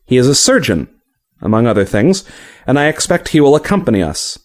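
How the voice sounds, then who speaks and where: A formal, tired knight with measured, polite speech, read by a man. His pitch moves freely as he apologizes and answers with reserve in a fantasy storybook. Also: very animated, darkish tone, natural voice. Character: courteous weary knight, formal and restrained.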